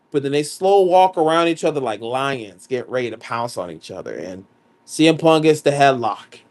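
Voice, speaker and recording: A man co-hosting a casual wrestling podcast, recounting a match in a lively, storytelling way. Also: fairly high pitch. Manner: lively storytelling, quick agreeing interjections. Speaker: podcast co-host.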